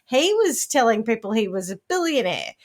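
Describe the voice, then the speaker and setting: High-pitched woman co-host, quick dry interjections in casual chat. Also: sing-song. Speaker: podcast co-host.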